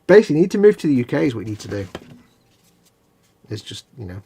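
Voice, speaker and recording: A man talks casually on a live hobby stream, explaining things at length. He hedges and restarts as he goes, in a voice of ordinary pitch. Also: big pitch swings, quick pace, dark tone, husky. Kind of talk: casual chat.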